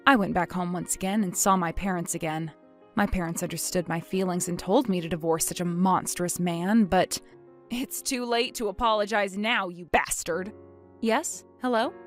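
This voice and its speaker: A woman narrating a dramatic story, expressive and indignant. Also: fairly low pitch, moderate pace, faint music behind.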